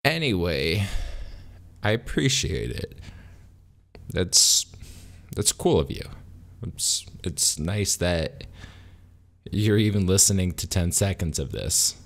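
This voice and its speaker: A man vlogging alone in an unscripted monologue, rambling and self-deprecating with pauses and restarts, a little tipsy from a beer. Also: low-pitched, very animated, creaky.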